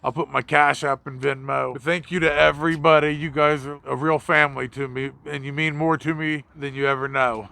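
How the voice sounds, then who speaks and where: A man's voice: fairly high pitch, fairly even intonation, a little fast, creaky, few pauses, sharp tone. A man in his thirties from the United States, talking to camera in a raw, emotional and profane vlog, near tears. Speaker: vlogger.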